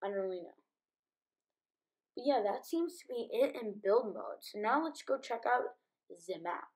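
A woman's voice: fairly high pitch, lively intonation, moderate pace. Sleepy, chatty woman gamer. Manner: chatty, many ums and likes. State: sleepy, just woke up. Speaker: gaming YouTuber. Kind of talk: casual game commentary.

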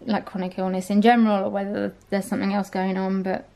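A woman's voice: mid-range voice, flat delivery, fast, mellow. A young woman vlogging in a casual chat, tired and sluggish, rambling with lots of ums and likes.

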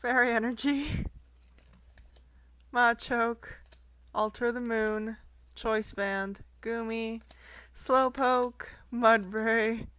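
A woman's voice: a little high, steady tone, extremely slow, pauses often, a bit bright, no echo. A young woman casually chatting as she opens trading card packs, giggling often and reading card names aloud. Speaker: card collector vlogger. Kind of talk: casual unboxing chat.

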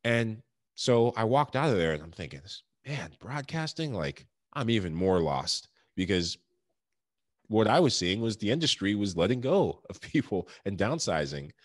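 A man's voice: on the low side, very animated, normal speed, no room sound, clean studio sound. A man in his thirties telling his story in an interview, earnest and reflective, laughing often. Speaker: podcast guest, former pro athlete.

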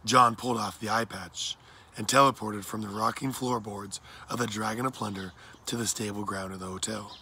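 A man reading a children's adventure story aloud in a plain, steady narration. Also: lowish voice, moderate pace, slight background noise. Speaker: audiobook reader.

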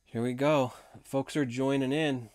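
A hoarse man hosting a casual live stream, chatting in a rambling way and laughing often. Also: medium pitch, fairly even intonation, a little slow, a little mellow, dry recording. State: hoarse from long talking.

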